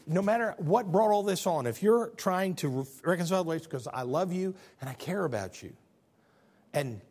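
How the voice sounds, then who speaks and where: A middle-aged male preacher giving a sermon, rising to loud emphatic points and dropping to near-whispers, quoting scripture in old-fashioned wording. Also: on the high side, husky.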